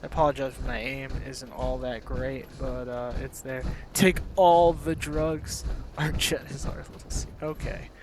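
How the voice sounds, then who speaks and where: A man's voice: mid-range voice, steady tone, moderate pace, few pauses. Chatty man commentating a game. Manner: chatty, jokey, mocks game characters. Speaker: gameplay commentator. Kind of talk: casual gameplay commentary.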